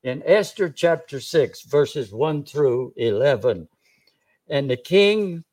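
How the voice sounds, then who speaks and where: A man's voice: fairly high pitch, animated, slow, a little mellow. A man preaching a sermon, retelling a scripture story in a folksy, conversational way. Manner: folksy, conversational, with chuckles and restarts.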